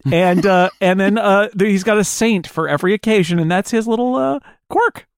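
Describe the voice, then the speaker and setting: A man's voice: high-pitched, moderate pace, smooth, no room sound, clean studio sound. A man hosting a casual movie podcast chat, rambling with many restarts.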